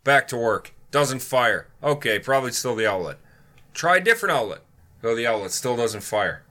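A man co-hosting a podcast, telling a work story with casual banter in a profane, deadpan way. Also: medium pitch, moderate pace. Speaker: podcast co-host.

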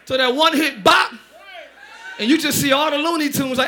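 A man preaching a lively sermon as pastor, often shouting and joking with the congregation. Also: very high voice, normal speed. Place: church sanctuary.

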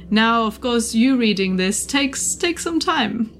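A woman narrating as game master of a tabletop horror game in a measured, descriptive way. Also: a little high, animated, a bit bright, faint music behind.

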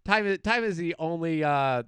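A man's voice: a little high, normal speed, clean tone, no echo. A man telling a story in a casual podcast chat, acting out the people in it. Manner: animated, acts out the people in his story. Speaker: podcast host.

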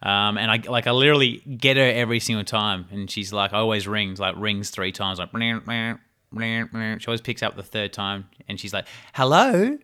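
A young man hosts his podcast alone. His tone is bright and forceful, and he rambles in a chatty way, often breaking into laughs. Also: lowish voice, steady tone, fairly quick, few pauses. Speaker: podcast host. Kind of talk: casual solo podcast talk.

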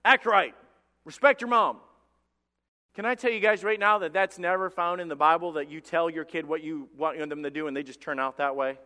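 High-pitched pastor guy preaching hard, repeats himself, big echoey church sound. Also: steady tone, fast, hardly any pauses, pushed and bright. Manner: passionate, repeats words, rising to emphatic bursts. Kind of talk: sermon. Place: church sanctuary. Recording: long church reverb.

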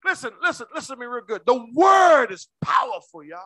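High, lively preacher with a bright, dry voice. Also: male voice, a little fast, no room sound. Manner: swings from shouting to hushed, calls out to the congregation. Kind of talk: sermon.

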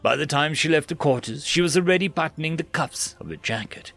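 A man's voice: a little high, brisk, faint music behind. A man narrating a science fiction story dramatically, rising and dropping his voice for effect. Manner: expressive, rises and drops for drama.

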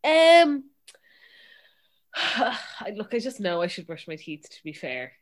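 A young Irish woman co-hosting a chatty podcast, telling animated stories and mimicking her dad. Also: mid-range voice, slow pace. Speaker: podcast co-host. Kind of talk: casual chat.

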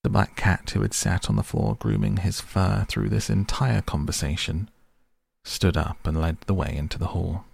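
Very deep, gravelly male storyteller. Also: lively intonation, darkish tone, no room sound, clean studio sound. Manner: measured storytelling. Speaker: narrator. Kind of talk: audiobook narration.

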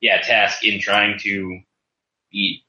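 A man's voice: on the low side, level tone, takes it slowly, pushed and bright. Man on an echoey muffled line. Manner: rambling, self-correcting. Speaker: podcast guest player. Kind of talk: casual chat. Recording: echoey, muffled remote audio.

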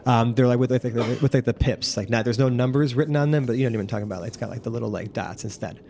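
A man's voice: medium pitch, racing, warm tone, a little hiss or hum. A man narrating as game master, rambling with many fillers.

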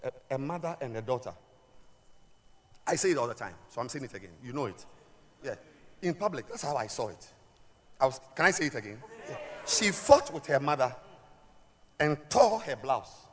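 A middle-aged woman preaching a sermon, swinging between loud shouted emphasis and quiet, low asides. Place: large church hall. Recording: echoey hall with long reverb.

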